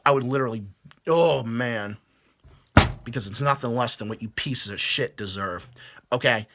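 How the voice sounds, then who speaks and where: A man's voice: medium pitch, normal speed, heavy background noise. A man delivering a heated, profane rant to camera, stumbling over his words as he restarts sentences. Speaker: vlogger. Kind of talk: angry rant.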